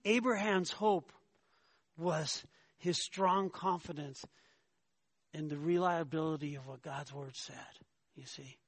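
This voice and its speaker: A man preaching a sermon, emphatic, often asking his listeners "right?" and rising in pitch when he argues a point. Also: takes it slowly, long pauses, no room sound. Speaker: pastor.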